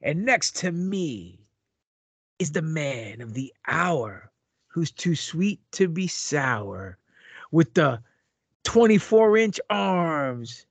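Brief: male podcast co-host, slow wrestling-promo swagger, dry close sound, a bit high. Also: creaky, no echo. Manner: boastful wrestling-promo delivery; joking, teasing. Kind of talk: casual banter.

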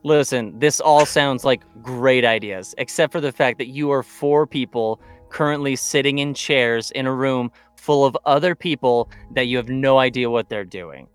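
A man voicing a smug male hacker who poses as a digital god, speaking in a calm, matter-of-fact way. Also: mid-range voice, normal speed, hardly any pauses, smooth, no echo, soft background music, lightly acted.

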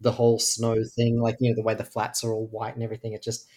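A man co-hosting a podcast book discussion who points out small details and restarts with quick apologies. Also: lowish voice, completely flat delivery, a little mellow. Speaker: podcast co-host. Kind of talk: casual book-club discussion.

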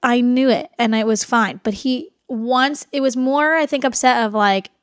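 A woman speech therapist co-hosting a podcast, telling a work story in a casual, animated way with quoted dialogue. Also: on the high side, moderate pace, clean tone, no room sound, clean studio sound. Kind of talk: casual chat.

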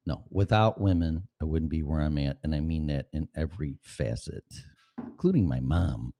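A man's voice: rumbling low, animated, moderate pace, warm tone. A man from Chicago with a Chicago accent, talking casually and sarcastically in a rambling, profane monologue. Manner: profane, sarcastic, jumps between jokes and voices. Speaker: vlogger.

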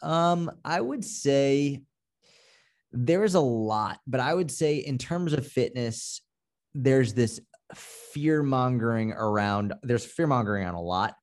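A man with a Boston accent chatting on a podcast as a fitness coach. He talks bluntly and with plenty of profanity, working up into an animated rant. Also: mid-range voice, takes it slowly. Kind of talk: casual podcast chat.

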